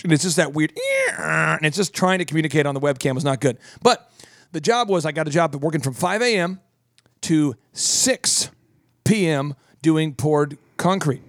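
A male podcast host telling a story with energy and humor, slipping in quick voices along the way. His voice sits a little high, and the sound is close and dry. He speaks in a casual, chatty way. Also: no echo. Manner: animated, jokey, does voices. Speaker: podcast host, business coach.

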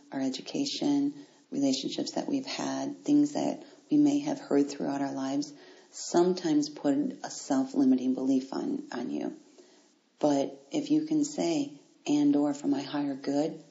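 A woman hosting a motivational podcast, speaking directly and encouragingly to her listeners in an animated way. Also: sits low. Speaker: podcast host. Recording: roomy, dull lo-fi sound.

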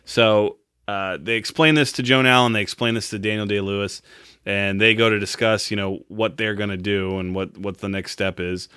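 A podcast co-host retelling a film in a loose, profane and joking way, slipping into the characters' lines. His voice sits fairly low but sounds bright and forceful. The sound is dry and close, with no room around it. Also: steady tone, moderate pace, smooth, no echo. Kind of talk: casual movie recap chat.

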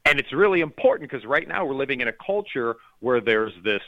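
Male expert guest; emphatic, urgent explainer, bright forceful tone, dry sound. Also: mid-range voice, sing-song, a little fast, few pauses, dry recording, poor audio. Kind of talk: explanatory interview talk.

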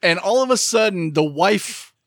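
Wry, lively higher-voiced man. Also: normal speed, dry recording, studio quality. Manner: wry, joking asides, laughs often. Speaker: podcast co-host. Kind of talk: casual movie recap chat.

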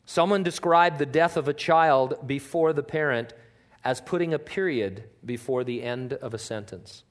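A male pastor preaching in church in a mid-pitched voice. He talks casually and with humour, his pitch and volume rising and falling as he tells the story. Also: normal speed. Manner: conversational and joking, with wide swings in pitch and loudness. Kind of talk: sermon.

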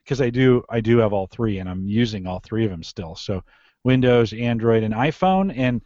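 A man's voice: fairly low pitch, expressive, moderate pace, mellow, dry recording. Jokey male podcast host. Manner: loose, jokey, restarts. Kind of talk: casual tech podcast chat. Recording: dry lo-fi podcast mic.

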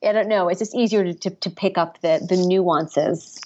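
A woman impressionist being interviewed over the phone, talking in animated, chatty bursts and correcting herself as she goes. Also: fairly low pitch, moderate pace, muffled recording. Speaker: impressionist guest. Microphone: phone line.

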